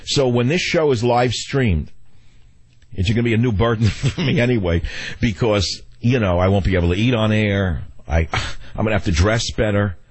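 A man's voice: lowish voice, moderate pace, slightly rough, no echo. An older man hosting a talk radio show, rambling wryly and cracking jokes at a studio microphone. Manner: rambling, wry and joking. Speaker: radio host.

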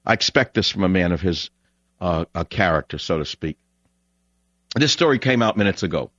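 A man's voice: low-pitched, lively intonation, moderate pace, fairly bright tone, dry recording. Ranting male talk radio host. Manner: angry, ranting, rhetorical questions. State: voice strained. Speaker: radio talk show host taking calls. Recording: dull, dry broadcast audio.

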